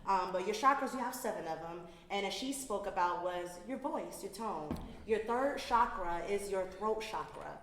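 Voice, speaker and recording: A woman's voice: medium pitch, expressive, normal speed, hardly any pauses, slight background noise. A woman in her twenties from Atlanta, Georgia, talking earnestly as a podcast guest and explaining wellness ideas at length. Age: 20s. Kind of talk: casual podcast chat. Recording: echoey room with long reverb.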